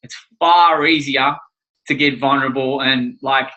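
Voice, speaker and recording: Male life coach co-host, casual and rambling, light on his feet, bright tone. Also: medium pitch, steady tone, unhurried, highs cut off. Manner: upbeat, rambling, jokey. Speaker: life coach co-hosting a course livestream. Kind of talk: casual livestream chat.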